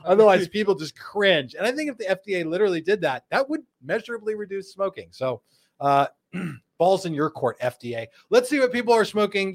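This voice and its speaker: A man hosting a live cigar show, joking and bantering playfully with his co-hosts and viewers. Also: high-pitched. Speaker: podcast host.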